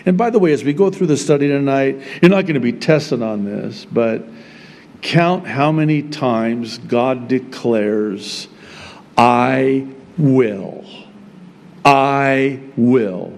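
A man preaching a sermon as pastor, opening in prayer and then speaking with slow, emphatic delivery. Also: mid-range voice, expressive, a little mellow, long reverb tail.

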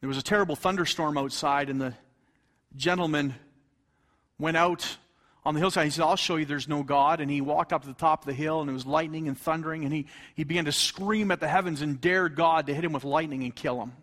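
A middle-aged man preaching a fervent sermon, reading scripture aloud and swinging between loud exclamations and hushed tones. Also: fairly high pitch, fairly quick. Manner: reads scripture in King James English.

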